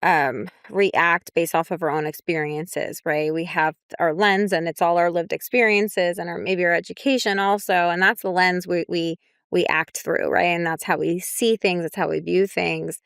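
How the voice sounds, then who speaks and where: A woman's voice: lowish voice, steady tone, moderate pace, a bit bright, smooth, no room sound, clean studio sound. A young adult woman, a clinician, talking things through reflectively on a podcast, often checking in with "right?". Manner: reflective, many fillers like "right?" and "you know". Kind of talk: casual podcast discussion.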